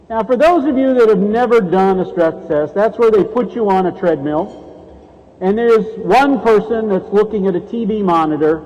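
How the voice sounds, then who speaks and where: High-voiced guy doing a keynote, playful and jokey, big hall with lots of reverb. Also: moderate pace, a little mellow, muffled recording. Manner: playful, joking with the audience. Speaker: keynote speaker. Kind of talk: motivational keynote speech. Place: large conference hall.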